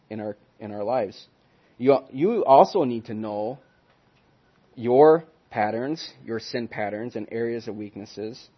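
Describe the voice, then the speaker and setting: Earnest man teaching a Bible lesson. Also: mid-range voice. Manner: earnest, emphatic, swings from loud stresses to soft trailing ends. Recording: dull lo-fi recording.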